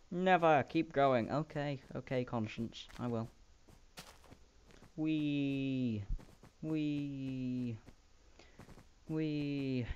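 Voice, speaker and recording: A man rambling through casual, self-mocking gameplay commentary. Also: lowish voice. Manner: rambling, self-mocking, playful sound effects. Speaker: Minecraft let's player. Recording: dull lo-fi home mic with faint hiss.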